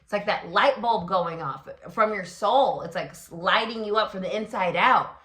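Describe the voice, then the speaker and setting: Working alone, a tarot reader and astrology host delivers a reading in a forward, bright, mid-range voice at an ordinary pace. Her speech flows loosely and expressively, packed with fillers, and she often acts out inner voices. Noticeable room echo runs through the clip.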